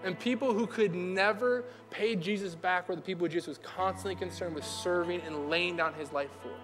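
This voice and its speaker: Young male pastor with a high voice, chatty delivery, recorded in a reverberant hall. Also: brisk. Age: young adult. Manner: casual, conversational, acts out quoted people. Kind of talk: sermon. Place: church hall. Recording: hall reverb with faint music.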